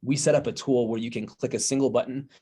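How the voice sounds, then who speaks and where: A man, a guest on an interview podcast, calmly explaining how his company's product works. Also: mid-range voice, fast, slightly rough. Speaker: guest, software co-owner.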